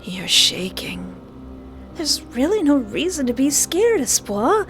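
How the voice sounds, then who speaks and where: A woman voicing a hushed, creepy yandere young man. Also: high voice, very animated, soft background music, voice pushed up, exaggerated voice. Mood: falsely soothing. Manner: slow, hushed and falsely soothing.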